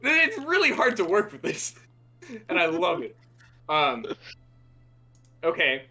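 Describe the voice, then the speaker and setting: Guy playing d&d, stumbly and playful, kinda high bright voice. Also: huge pitch swings, slow pace. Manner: hesitant, lots of restarts, playful. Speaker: tabletop game player. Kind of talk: casual tabletop role-play chat.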